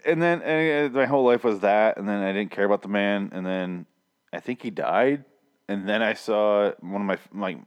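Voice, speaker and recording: A man's voice: on the low side, normal speed, clear, resonant tone. A man hosting a podcast, rambling in a casual, profane and jokey way. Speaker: podcast host. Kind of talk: casual chat.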